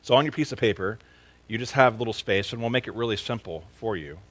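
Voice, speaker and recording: A man's voice: lowish voice, lively intonation, quick pace, low-quality recording. A man preaching a sermon at a church service, earnest and questioning his listeners directly, becoming emphatic to stress a point. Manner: grows emphatic and louder when stressing a point. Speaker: pastor.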